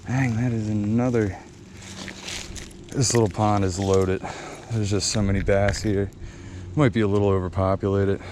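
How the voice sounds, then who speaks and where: A young man from eastern Pennsylvania chats easily to his viewers while fishing at a pond, in a fairly low, relaxed voice. He is recorded on outdoor camera audio with a clear wash of background noise. His commentary stays casual and laid-back. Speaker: fishing vlogger. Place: outdoors by a small backyard pond.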